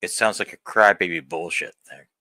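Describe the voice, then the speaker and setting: A deep-voiced man in his thirties vlogs straight to camera, blunt and profane. His voice is low but hard-edged and forceful, and the sound is dry and close. He rambles, stops and restarts as he talks. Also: fairly even intonation, normal speed, no room sound. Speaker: vlogger. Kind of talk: candid personal vlog rant.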